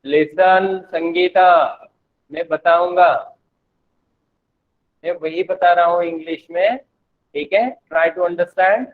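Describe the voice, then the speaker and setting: A male teacher with an Indian accent giving an online English lesson to children, speaking slowly and repeating words for the class. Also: sits high, fairly even intonation. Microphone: video call. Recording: tinny phone-like online call audio.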